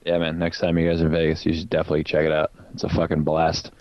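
Deep-voiced podcast host, dry sound. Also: male voice, completely flat delivery, very fast, no room sound, lo-fi sound. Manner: loose, swearing, laid-back. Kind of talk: casual podcast chat.

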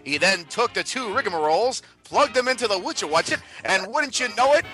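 A chipper old-timey 1920s fellow spins a yarn in high, swooping tones, as a man puts on the voice. The delivery is bright and lively, with folksy slang and storyteller patter. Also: a little fast, faint music behind, low-quality recording. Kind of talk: casual podcast banter.

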